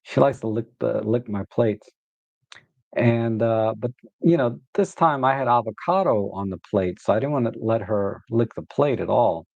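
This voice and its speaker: Gravelly rambling man on a livestream. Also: medium pitch, normal speed, darkish tone, no echo, muffled recording. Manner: rambling, many fillers and restarts, baby talk to his dog. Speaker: host of a photography livestream. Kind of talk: casual live-stream chat.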